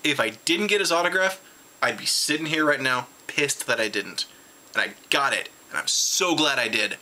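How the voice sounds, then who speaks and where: Tired, excitable man rambling to camera. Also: moderate pace. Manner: excitable, rambling, with many restarts; jumps high in pitch when retelling his reactions. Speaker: vlogger reviewing a convention. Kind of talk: casual rambling recap.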